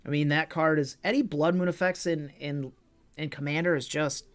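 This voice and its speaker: A man's voice: a little high, steady tone, normal speed, a bit bright. A man casually commenting on his own online card game as a streamer, joking with chat and swearing freely.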